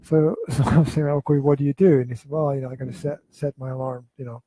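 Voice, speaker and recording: A man hosting a casual podcast from his flat, joking, teasing and laughing often. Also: medium pitch, quick pace, no echo, rough recording. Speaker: podcast host. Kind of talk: casual chat. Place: home flat.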